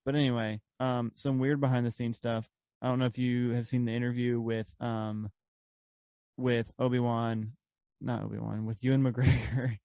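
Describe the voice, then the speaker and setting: A man's voice: medium pitch, gravelly, a little mellow, smooth, no room sound. A man co-hosting a podcast in casual chat, rambling with lots of fillers and laughs. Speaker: podcast co-host.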